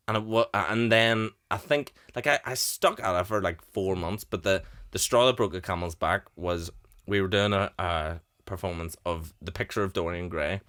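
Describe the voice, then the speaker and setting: Low, bright-voiced young man chatting. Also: moderate pace. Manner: chatty, laughs often, acts out quotes. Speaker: podcast host. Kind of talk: casual chat.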